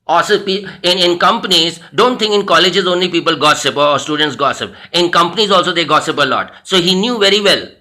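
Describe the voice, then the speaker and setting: A bright, forceful, slightly high voice belongs to a personality development trainer with an Indian English accent. He tells a story in his motivational talk with earnest intensity, repeating phrases to emphasize them.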